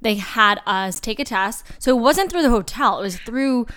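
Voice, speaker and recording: Young woman co-host, emotional, filler-heavy casual chat; smooth, slightly high voice. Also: animated, moderate pace, a bit bright. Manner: chatty, emotional storytelling with many fillers. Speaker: podcast co-host.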